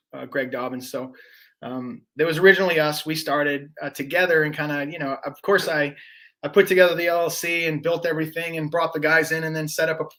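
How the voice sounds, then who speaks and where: Podcast guest, male, higher-pitched, loose and profane, rambling delivery with lots of restarts. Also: fairly bright tone. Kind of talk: casual conversational storytelling.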